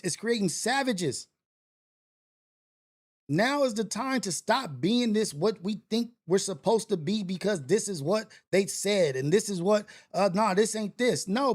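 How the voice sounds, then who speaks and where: A male show host talks passionately and preachily about clips he is playing. He hammers his points with repetition. His voice sits fairly high. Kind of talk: reacting to clips on a talk show.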